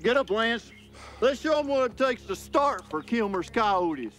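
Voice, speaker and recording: A man doing a gruff middle-aged football father in a high, strained drawl. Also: lively intonation, unhurried. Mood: challenging.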